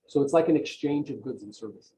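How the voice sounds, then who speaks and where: A man's voice: medium pitch, quick pace, background noise. A man giving an emphatic, motivational coaching talk on a video call, often checking in with "right?". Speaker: real estate coach, guest on a video call.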